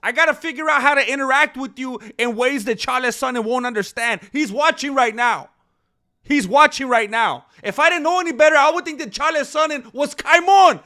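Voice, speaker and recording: Joking and playful, this livestream host reads out names from the chat in a casual stream. He has a very high-pitched, sharp voice and speaks briskly.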